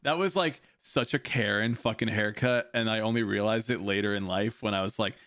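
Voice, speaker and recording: A man's voice: lowish voice, fairly quick, fairly bright tone, no echo, clean studio sound. A man hosting a podcast in casual chat, rambling loosely, laughing often and swearing. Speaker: podcast host. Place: home streaming setup.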